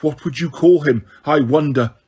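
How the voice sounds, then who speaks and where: A man doing a sneering cold wizard, husky. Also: a little high, normal speed, darkish tone. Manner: sneering, contemptuous. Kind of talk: audiobook character reading.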